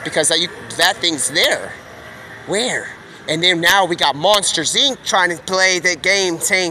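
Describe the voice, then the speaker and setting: A man livestreaming, talking in a rambling, slangy, excitable stream of thought. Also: high-pitched, a little slow, a little hiss or hum. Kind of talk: rambling live-stream monologue.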